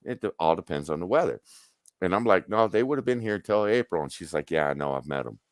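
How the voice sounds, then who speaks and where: A deep-voiced middle-aged man tells work stories at a quick pace on his livestream, profane and animated as he acts out people's quotes. It's casual storytelling chat, recorded in clean studio sound with no echo.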